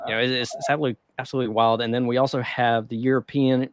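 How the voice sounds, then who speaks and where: A man's voice: medium pitch, level tone, fast, no echo, studio quality. A man co-hosting a casual podcast, rambling loosely with lots of fillers and frequent chuckles. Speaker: podcast co-host. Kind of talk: casual chat about the stock market.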